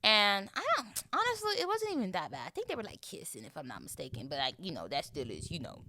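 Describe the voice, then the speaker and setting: A young woman from Florida talks through her podcast in a loose, playful way. Her pitch swings widely as she acts out bits, and her tone is bright. The sound is dry and close. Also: quick pace, no room sound. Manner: chatty, animated, playful, acts out voices. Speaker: podcast host. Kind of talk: casual chat monologue.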